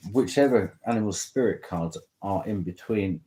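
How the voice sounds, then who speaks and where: Rambling, low-voiced man reading tarot. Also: lively intonation, unhurried, dark tone, rough recording. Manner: rambling, chatty, self-interrupting. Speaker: tarot reader. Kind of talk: casual tarot reading chat.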